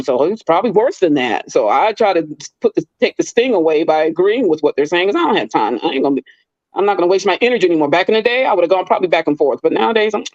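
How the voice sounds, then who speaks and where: A woman's voice: fast talker, no room sound, lo-fi sound. A middle-aged woman in casual chat, telling stories and acting out the people in them with big jumps in her voice. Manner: animated, acts out quoted people with big pitch leaps.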